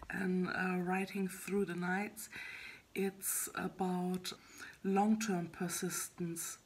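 Woman, solo vlog, soft half-whisper, husky breathy voice, slow unhurried pace, hesitant with lots of fillers. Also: medium pitch. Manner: hesitant, halting, many fillers and restarts. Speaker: web fiction writer vlogging her progress.

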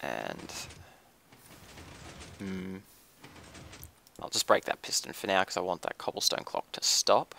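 A man giving casual, relaxed gameplay commentary, thinking aloud with frequent ums as he explains his build. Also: low voice, measured pace, vocal fry, pauses often, a little hiss or hum.

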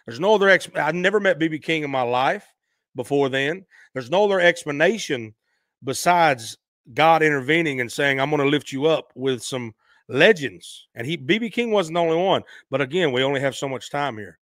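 Man telling a lively story, dry sound. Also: a little high, brisk, dry recording. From Nashville, Tennessee. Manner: animated anecdote-telling, acting out quoted voices. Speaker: musician guest. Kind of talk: storytelling in a podcast interview.

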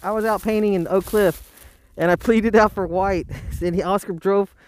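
A man's voice: high-pitched, steady tone, moderate pace. A man hosting a casual live painting stream outdoors by the roadside, rambling and talking to himself with frequent chuckles.

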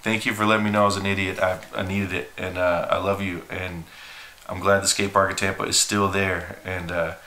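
A man's voice: low voice, flat delivery, brisk, pushed and bright, a little hiss or hum. A man in his forties, a skateboard team manager, telling a story in a rambling, profane, self-deprecating way. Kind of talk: casual storytelling. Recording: roomy echo.

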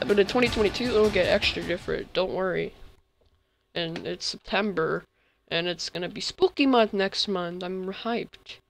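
A teenage boy giving casual, excitable commentary while playing a game, yelping often, his voice cracking when he yells. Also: sits high, creaky. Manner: excitable, yelps and frequent voice cracks. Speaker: gamer.

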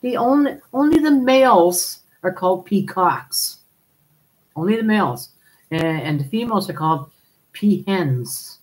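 A woman's voice: on the low side, expressive, measured pace, rough recording. A woman hosting a live stream, chatting casually, laughing often and calling viewers darling as she reads their comments.

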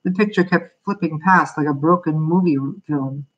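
A woman reading a children's novel aloud as a storyteller, in steady, plain narration. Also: low voice, normal speed, dull audio.

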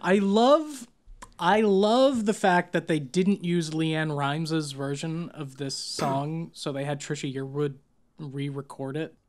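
A man's voice: fairly high pitch, fairly even intonation, takes it slowly. A man co-hosting a podcast, correcting facts and steering the casual chat. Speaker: podcast co-host.

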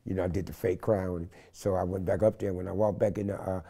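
Animated older man telling a street story. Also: low-pitched, fast, gravelly. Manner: animated storyteller acting out quotes in loud shifts. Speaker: interview guest. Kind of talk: storytelling interview.

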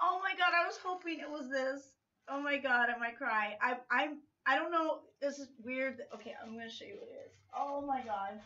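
A woman's voice: high voice, a little fast, pushed and bright, muffled recording. A woman vlogger chatting casually at home, gushing over gifts with lots of fillers and restarts. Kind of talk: casual chat. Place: room at home.

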